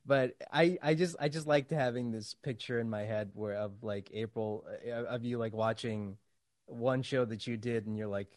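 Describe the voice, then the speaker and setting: A man hosting an interview podcast, chatty and excitable, laughing often and restarting his sentences. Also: mid-range voice, normal speed, dry recording. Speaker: podcast host. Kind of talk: casual interview chat.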